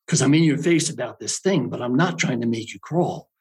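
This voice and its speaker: A man telling a comic anecdote in a wry, teasing, lively way. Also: medium pitch, fairly quick, husky, rough recording. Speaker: storyteller.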